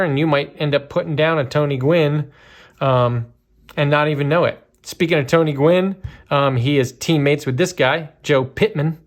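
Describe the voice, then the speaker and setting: A man giving casual, chatty commentary while opening a box of trading cards, with lots of fillers and bursts of excitement. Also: on the high side. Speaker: card breaker.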